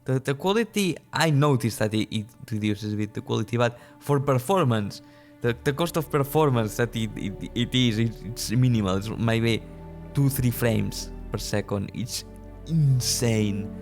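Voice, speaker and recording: A young man in his early twenties from a small European country, talking through gameplay in a loose, rambling way at a mid-range pitch. He restarts his sentences, swears casually and breaks into laughter. Faint music plays behind him. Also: moderate pace. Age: early 20s. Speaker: gaming channel host. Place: at home at his computer.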